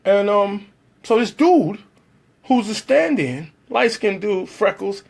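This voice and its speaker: A man's voice: sits high, expressive, slow, vocal fry, slightly rough. A man telling a personal story about working as a background actor, acting out the other people's lines in shifting voices.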